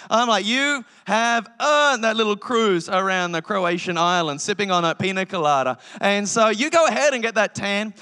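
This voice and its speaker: Young male pastor, high bright voice, playful sermon delivery that slips into mocking impressions, big reverberant church hall. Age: young adult. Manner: animated, joking, mimics entitled voices.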